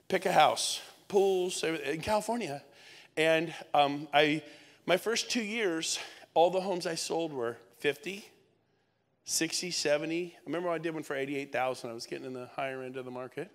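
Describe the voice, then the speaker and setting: A man in his fifties giving a lively, joking motivational speech to a live audience, often shouting for emphasis. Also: a little high, moderate pace. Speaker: keynote speaker. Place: event hall. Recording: long reverb of a large event hall.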